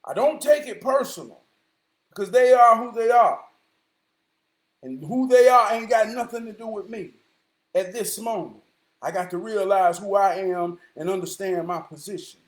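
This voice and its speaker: A middle-aged man with a high-pitched voice tells a story straight to camera in a loose, casual monologue. He swings between loud, emphatic declarations and quiet, thoughtful asides. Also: normal speed. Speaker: vlogger.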